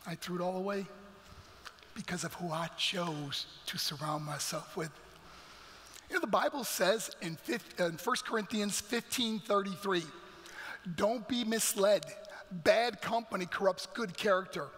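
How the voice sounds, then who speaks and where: Middle-aged male guest speaker, high bright voice, dramatic testimony, big church echo. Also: expressive, normal speed. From New York. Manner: dramatic, emphatic storytelling with acted quotes. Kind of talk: motivational testimony. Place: large church hall. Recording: reverberant church hall.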